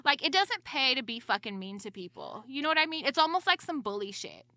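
Young adult woman, profane storyteller, bright voice, dry close sound. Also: high voice, sing-song, fairly quick, no room sound. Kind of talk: casual chat, storytelling.

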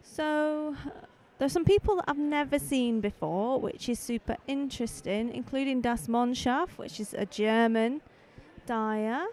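A woman's voice: on the high side, a little slow, darkish tone, a little hiss or hum. A woman hosting a casual live podcast as she walks around festival stalls outdoors, chatting in a rambling, friendly way into a handheld microphone. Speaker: podcast host.

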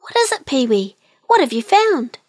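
A woman voicing a tiny, eager young kiwi bird in a storybook, squeaky and breathless with excitement. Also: drawn-out words, dry recording, clean studio sound, heavily acted.

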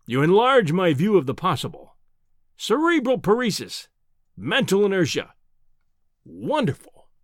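A man doing a pompous, booming professor. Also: wildly swooping pitch, a little slow, long pauses, no echo, studio quality, heavily acted. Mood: scornful. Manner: booming, overbearing, mocking. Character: pompous, scornful male professor of science.

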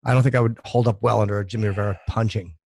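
A man's voice: lowish voice, steady tone, racing, creaky, darkish tone, breathy edge, no echo. A male podcast host in casual chat, easygoing and asking follow-up questions.

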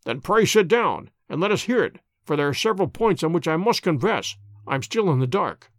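A man's voice: on the high side, lively intonation, moderate pace, no echo, clean studio sound, natural voice. A man voicing a keen, authoritative detective in an audiobook reading. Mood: commanding. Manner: crisp, authoritative. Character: keen, commanding male detective.

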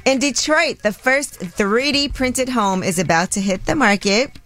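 A woman with a New York accent hosting a radio show, reading news items in a relaxed, chatty way and laughing often. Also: fairly high pitch, measured pace. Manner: upbeat, laughs often, reads stories conversationally. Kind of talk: casual radio chat and news segments.

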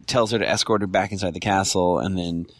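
Low-voiced, laid-back man. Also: steady tone, fast talker, no room sound. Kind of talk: casual podcast discussion.

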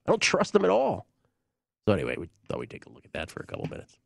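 A man's voice: fairly low pitch, huge pitch swings, very fast, gravelly, no echo, clean studio sound. A man hosting a sports betting show, giving blunt, confident opinions in casual talk.

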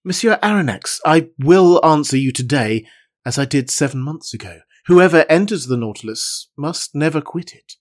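A man reads as a commanding sea captain who is secretive and stern, clipped and ironic. The voice sits higher and louder than the reader's narration. It is a storybook reading. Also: expressive, moderate pace, close to an everyday voice. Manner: curt and ironic, then grave.

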